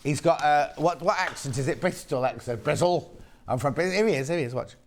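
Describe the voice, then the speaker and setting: A man's voice: on the high side, brisk, slight background noise. A man presenting on a live TV shopping channel in a chatty, camp manner, with a British accent, reading out viewer messages between product details. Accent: British English. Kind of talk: live TV sales chat. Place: TV studio.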